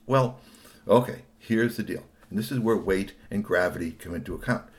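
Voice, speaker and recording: A middle-aged man narrating a children's story in an animated way, talking to young listeners. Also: fairly low pitch, normal speed.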